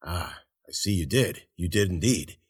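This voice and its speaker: A man voicing a male adventurer who tells of a desert journey in a measured, grave way. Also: low voice, expressive, husky, no room sound, clean studio sound, full character voice.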